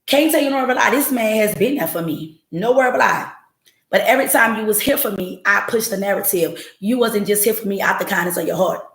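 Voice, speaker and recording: A fast-talking woman with a medium-pitched, slightly bright voice hosts a podcast on a home livestream, and the sound is roomy. She speaks straight to her chat, telling her story bluntly and swearing freely.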